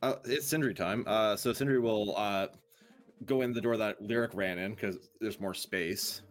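A man's voice: on the low side, moderate pace, faint music behind. A man playing a tabletop game who talks hesitantly, with many fillers. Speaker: player.

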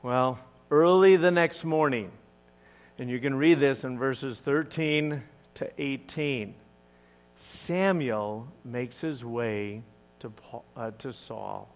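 A male pastor preaching a sermon in an expressive, dramatic, emphatic way. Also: mid-range voice, slow pace.

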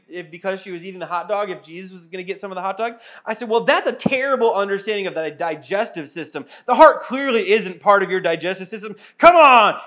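A man's voice: high-pitched, a bit bright. A young adult man preaching a sermon as pastor, conversational and earnest with self-mocking humor.

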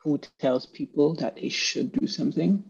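A podcast host speaking slowly and reflectively in casual conversation, sometimes losing the thread. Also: medium pitch, vocal fry, a little mellow, slightly rough. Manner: slow, reflective, loses the thread at times. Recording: dull lo-fi sound.

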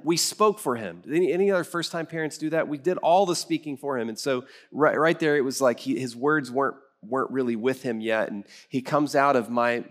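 With a medium-pitched, fairly bright voice, the middle-aged male pastor tells stories in his sermon. He gives the people in them their own acted-out voices.

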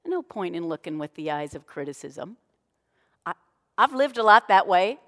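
A woman's voice: on the low side, big pitch swings, moderate pace, a bit bright. A middle-aged woman pastor giving a sermon in a conversational, self-deprecating storytelling manner. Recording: long reverb of a large hall.

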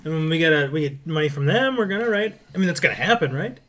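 A man's voice: on the high side, quick pace, a bit bright. A man co-hosting a podcast, bantering and joking in a boastful way. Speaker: podcast co-host. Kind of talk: casual banter.

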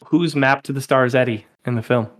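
A man's voice: mid-range voice, fairly quick. A man hosting a podcast, chatting casually about movies and laughing often. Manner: animated, laughs often, slips into playful impressions. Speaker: podcast host. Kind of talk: casual film-discussion chat.

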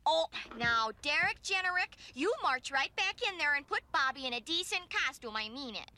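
A woman's voice: high-pitched, expressive, normal speed, background noise. A woman voicing a fussy, doting cartoon mom with a Minnesota accent. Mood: scolding. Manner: folksy, doting. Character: fussy cheerful middle-aged cartoon mom. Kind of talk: cartoon voice acting.

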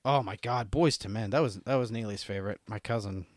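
A man's voice: on the low side, brisk, dry recording, studio quality. A man co-hosting a podcast in casual chat, joking and teasing in banter. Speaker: podcast co-host.

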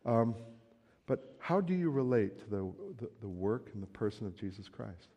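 A man's voice: lowish voice, expressive, normal speed, dark tone, muffled recording. Joking, conversational male pastor in echoing hall. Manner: conversational and joking, acting out everyday quotes. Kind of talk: sermon. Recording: long hall reverb.

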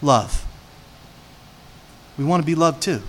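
A man from New Jersey preaching a sermon as pastor, telling animated stories and putting questions to the congregation. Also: a little high, slow pace.

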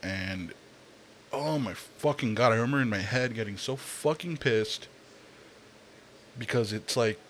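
A man's voice: medium pitch, measured pace, long pauses, fairly bright tone, slight background noise. A young man ranting casually in a profane, rambling monologue, with fillers and sighs. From Latino, Spanish speaker.

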